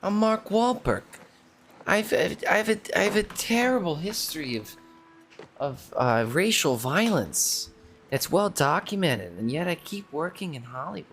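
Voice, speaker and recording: A man's voice: sits high, lively intonation, a little slow, a bit bright, slight background noise, pitched above the performer's own voice, full character voice. A man voicing a brash, mock-boastful middle-aged tough guy with an exaggerated Boston accent.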